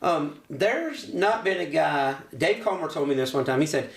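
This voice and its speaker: A man's voice: on the high side, expressive, moderate pace, gravelly. A man with a Kentucky accent telling racing stories with a laugh in a casual podcast chat. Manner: storytelling, laughs a lot, quotes others. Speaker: podcast host. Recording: roomy and off-mic.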